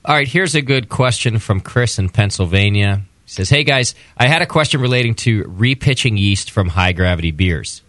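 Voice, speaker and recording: A man reading out a listener's question on a podcast in a plain, steady way. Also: fairly low pitch, moderate pace, few pauses, no echo. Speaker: show producer reading questions.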